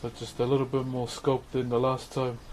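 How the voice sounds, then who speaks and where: A man's voice: mid-range voice, monotone, normal speed, a little mellow, slight background noise. A young man with a New Zealand accent, chatting casually on a live stream while he carves wood, laid-back and laughing often. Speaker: streamer and woodcarver.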